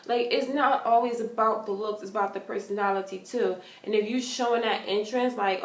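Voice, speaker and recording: A woman's voice: mid-range voice, brisk, hardly any pauses. Earnest young woman vlogging in an echoey room. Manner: earnest, big-sisterly, animated when telling stories. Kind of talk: casual advice vlog.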